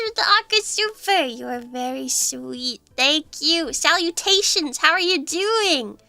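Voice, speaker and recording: Young woman streamer, high and bright, chatty storyteller who laughs a lot; casual livestream chat. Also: animated, a little slow, creaky, hardly any pauses, soft background music.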